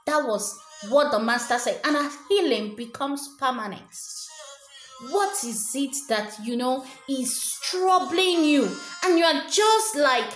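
A woman's voice: high voice, very animated, unhurried, fairly bright tone. A woman giving an earnest encouraging sermon, often repeating words for emphasis. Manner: earnest, repeats words and stumbles when stressing. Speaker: preacher. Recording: echoey room with faint music.

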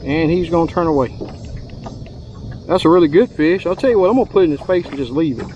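Fast-talking and expressive, a man with a voice on the high side narrates his fishing from a lake boat. He's a Texas guide who drawls, chats casually and calls everyone y'all, heard through dull audio with background noise.

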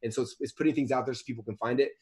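A man's voice: medium pitch, steady tone, rapid-fire, a little mellow. A man in his thirties, a guest author in a casual interview, talking in a rambling way with many restarts and repeated words.

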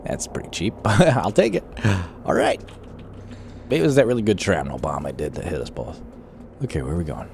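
A man hosting a let's play video, joking and shouting at enemies as he plays. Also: sits low, animated, a little fast, creaky, slight background noise. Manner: jokey and exclamatory, shouting at enemies. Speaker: gaming video host.

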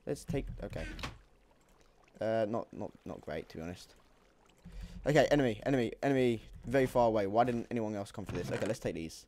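A young man giving excitable, jokey commentary while playing a video game, swinging between loud outbursts and quiet muttering. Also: mid-range voice, brisk, a little hiss or hum. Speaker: gaming YouTuber. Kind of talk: gameplay commentary.

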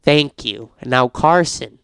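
A man playing a life-sim game, reading prompts aloud and reacting in casual let's-play commentary, getting frantic and shouty when things go wrong. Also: mid-range voice, slow pace, creaky, noisy background. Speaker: gaming YouTuber.

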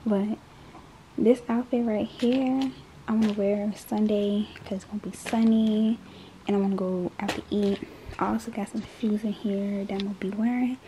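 A woman's voice: mid-range voice, fairly even intonation, normal speed, mellow. A woman in her late teens talking casually to her phone camera in a vlog, chatty and often dropping to a whisper. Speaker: vlogger. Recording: noisy phone recording.

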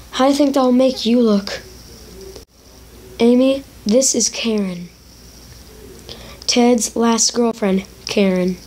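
A woman reading out the texts of a menacing dead ex-girlfriend from a chat story, slow and flat. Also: a little high, slight background noise.

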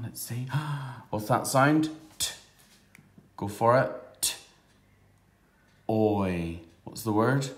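A man teaching a phonics lesson to young children, slowly sounding out words and breaking into excited shouts on the answers. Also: lowish voice, roomy sound.

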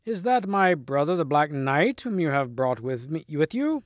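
A man's voice: fairly high pitch, sing-song, normal speed, no echo, studio quality. A man reading as a proud knight in green armor. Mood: challenging.

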